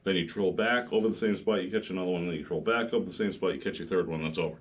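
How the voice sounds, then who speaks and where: A man, a charter boat captain and podcast guest, spinning lively fishing stories and acting out the voices in them. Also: sits low, very fast. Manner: lively storyteller, acts out voices, swears. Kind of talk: casual chat.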